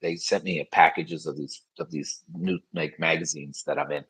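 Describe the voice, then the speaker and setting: Low husky man telling his story. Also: steady tone, normal speed, fairly bright tone, rough recording. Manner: frank, conversational, many fillers. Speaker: podcast guest. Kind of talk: casual storytelling interview.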